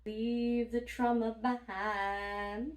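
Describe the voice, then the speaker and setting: A woman's voice: fairly high pitch, level tone, drawn-out words. A woman vlogger telling casual stories, blunt and profane, laughing often as she talks. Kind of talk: casual storytime monologue. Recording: roomy, from a distance.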